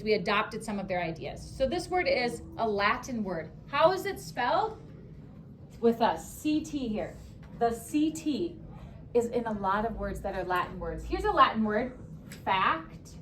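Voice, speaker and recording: A woman leads a spelling lesson for young children in a classroom, her voice sitting a little high. She keeps an upbeat, sing-song teaching rhythm and stretches words out syllable by syllable. A light background hiss runs under the recording. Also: fairly bright tone. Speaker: elementary school teacher.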